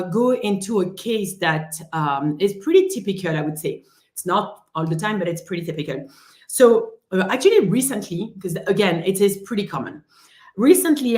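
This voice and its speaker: A woman's voice: lowish voice, darkish tone, roomy sound. A woman with a French accent, a rheumatologist hosting a casual live-stream lesson, chatty and full of "uh" and "um" fillers.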